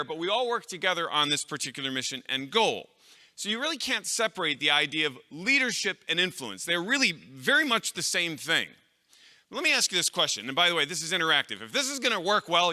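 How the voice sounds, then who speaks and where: A man's voice: on the high side, bright, forceful tone, big-room sound. A middle-aged man giving a live talk to an audience of clergy, conversational and anecdotal, with fillers and restarts. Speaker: conference speaker.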